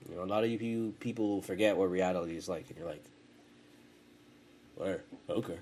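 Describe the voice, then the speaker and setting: A man's voice: low-pitched, quick pace, dark tone, slight background noise. A young man hosting a casual podcast from his home, rambling and cursing, with many false starts. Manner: profane, rambling, frequent restarts. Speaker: podcast host.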